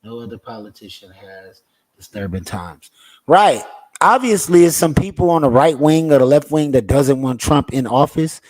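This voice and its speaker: A man's voice: mid-range voice, animated, normal speed, darkish tone. A man hosting a podcast in a casual, laid-back way, talking straight to his viewers. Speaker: podcast host.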